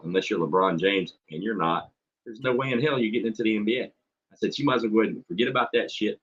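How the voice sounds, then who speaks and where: A man's voice: sits low, fairly bright tone, slightly rough. A man, a substitute teacher telling a story in blunt, profane casual chat. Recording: dull lo-fi stream audio.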